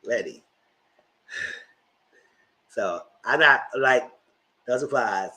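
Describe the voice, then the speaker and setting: A man's voice: medium pitch, animated, extremely slow, sharp tone, rough recording. A man in his thirties giving chatty, slangy live commentary as host of his channel. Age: 30s.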